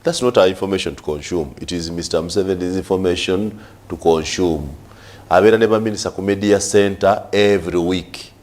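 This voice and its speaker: A man's voice: sits low, fairly quick, a little mellow. A Ugandan man on a press review talk show, arguing hard and firing off rhetorical questions, switching between English and Luganda. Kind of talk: studio press review debate.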